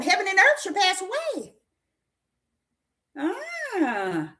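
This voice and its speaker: High, animated woman preaching. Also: normal speed, long pauses. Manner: emphatic, repetitive, questioning the listeners; folksy, with breaks into laughter. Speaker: prophetess preaching. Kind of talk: sermon.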